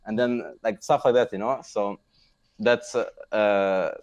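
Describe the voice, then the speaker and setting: Young guy with a lowish voice, rambling guest on a gaming podcast, lots of likes. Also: steady tone, unhurried, darkish tone. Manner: rambling, filler-heavy, laughs at himself. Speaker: guest, pro gamer. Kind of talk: casual podcast interview.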